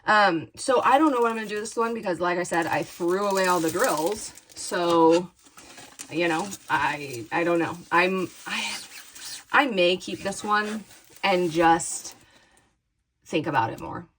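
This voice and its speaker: A woman's voice: lowish voice, a little slow, fairly bright tone, a little hiss or hum, poor audio. A woman crafting vlogger chatting casually to camera, rambling and indecisive, often laughing at herself and addressing viewers as "you guys.".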